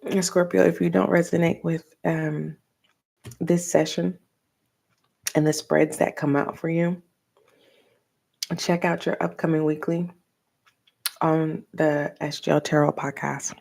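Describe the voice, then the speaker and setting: An older woman, a tarot reader, chatting casually and rambling, with soft asides. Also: low voice, level tone, unhurried, gravelly, pauses often. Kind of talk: casual tarot reading talk.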